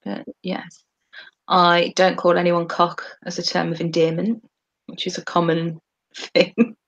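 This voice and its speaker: A woman with a Birmingham accent chats casually as a podcast co-host, dropping letters as she goes. Her voice has a gravelly fry to it. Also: lowish voice, little pitch movement, a little slow, dull audio. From England. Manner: chatty, drops her T's. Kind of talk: casual chat.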